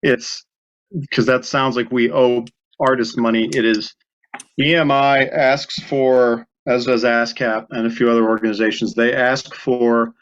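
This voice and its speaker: Flat-toned man on a muffled call. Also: mid-range voice, a little slow, clean tone. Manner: flat, correcting details. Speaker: board member. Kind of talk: business meeting discussion. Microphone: video call. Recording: dull video-call audio.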